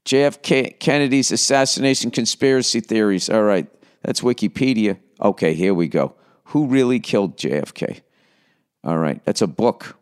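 A man's voice: lowish voice, expressive, moderate pace, clear, resonant tone. A man hosting a comedy podcast, rambling through profane asides with mock outrage in a casual rant.

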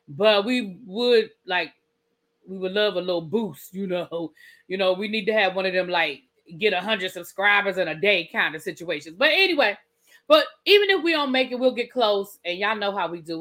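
A woman hosting a casual live stream, chatting with her viewers in an animated, talkative way. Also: on the high side. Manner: chatty, animated, talks to the chat. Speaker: livestream host.

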